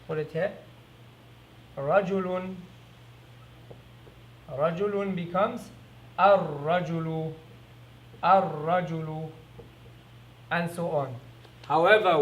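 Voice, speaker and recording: A man teaching an Arabic lesson, repeating each word slowly and asking quick rhetorical questions as he writes on a board. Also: sits high. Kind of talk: recorded classroom lesson.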